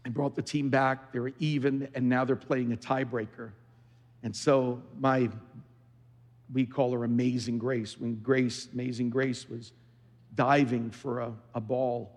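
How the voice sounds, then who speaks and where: A man's voice: mid-range voice, darkish tone. A middle-aged male pastor preaching a sermon, telling a personal story and rising into fervent exhortation. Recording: large hall with long reverb.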